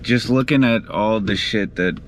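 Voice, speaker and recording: A man's voice: on the low side, measured pace, a little hiss or hum. A sleep-deprived young man, a vlogger, rambling crudely and with frustration in a video diary.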